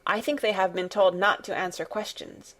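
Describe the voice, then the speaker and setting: A woman's voice: mid-range voice, fairly even intonation, normal speed, close to an everyday voice. A woman reading as a careful, earnest young girl. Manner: careful, slightly nervous. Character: solemn ten-year-old girl, cautious and earnest. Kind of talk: audiobook character reading.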